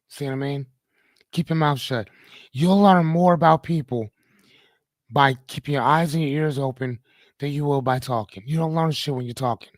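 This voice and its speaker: A middle-aged podcast host with a medium-pitched voice runs a live motivational show, speaking straight to his audience. He is blunt and preachy and swears casually. The recording is dry.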